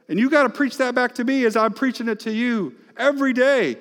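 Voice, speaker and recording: A man preaching a sermon as pastor, moving between loud, emphatic passages and hushed, near-whispered ones. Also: very high voice, animated, brisk, hardly any pauses. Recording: long reverb of a large hall.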